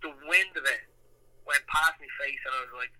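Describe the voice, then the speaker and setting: A middle-aged Irish man, a former boxer, telling stories in a rambling, animated way with lots of fillers. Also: a little high, a little fast, poor audio. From Ireland. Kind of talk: casual storytelling interview.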